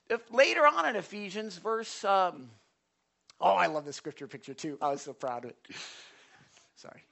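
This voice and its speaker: A man preaching a conversational sermon. He uses a folksy style, checks in with his listeners, and swings between loud bursts and quiet asides. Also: high-pitched, animated, normal speed, gravelly. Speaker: pastor.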